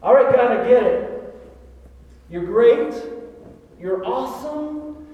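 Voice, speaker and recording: A man's voice: very high voice, animated, slow pace, narrow, tinny audio, full character voice. A man playing a sarcastic, grudging worshipper who offers ever bigger sacrifices. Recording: echoey hall from far off.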